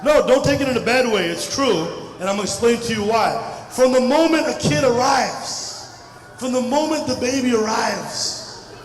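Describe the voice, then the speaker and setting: A high-voiced middle-aged man from India does stand-up with loud, animated crowd banter. He is picked up from a distance in a big, echoing festival hall, with a long reverb tail. A murmuring audience and a faint ambient hum sit behind him. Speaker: stand-up comedian. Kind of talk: stand-up comedy set. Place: large hall at a community festival. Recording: echoey hall mic from a distance, crowd noise. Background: audience murmur and laughter.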